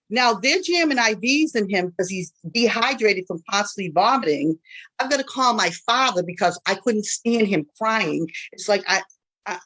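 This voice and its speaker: Woman, panel speaker, rapid animated personal testimony. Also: mid-range voice, low-quality recording. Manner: fast, animated storytelling with quoted dialogue.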